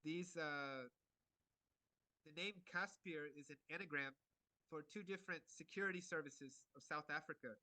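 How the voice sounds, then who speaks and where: A man giving an art lecture in short phrases, pausing for an interpreter and filling gaps with many hesitations. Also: a little high, pushed and bright, dry recording. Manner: halting, many fillers and restarts.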